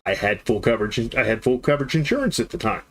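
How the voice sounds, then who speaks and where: A man in his thirties chats away on a live stream in a plain, mid-pitched voice. He rambles through a long story, acting out the dialogue with lively jumps in his tone. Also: fast talker. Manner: rambling, animated storyteller who acts out the dialogue.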